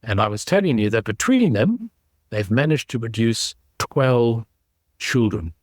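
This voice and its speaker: A man in his sixties from South Africa, with a South African accent softened by English, telling his story at an easy, measured pace as an interview guest over a video call. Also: mid-range voice, sing-song, no echo, clean studio sound. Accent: South African with some English. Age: 60s. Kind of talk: casual interview.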